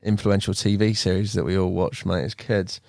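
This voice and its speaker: A man's voice: sits low, level tone, normal speed, vocal fry, darkish tone, dry recording. Male podcast host, chummy interviewer, calls everyone "mate", dry sound. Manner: friendly, calls the guest "mate" constantly. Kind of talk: casual interview.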